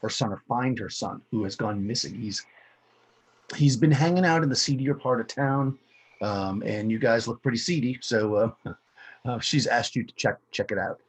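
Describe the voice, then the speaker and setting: Male game master, husky, casual and halting narration. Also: mid-range voice.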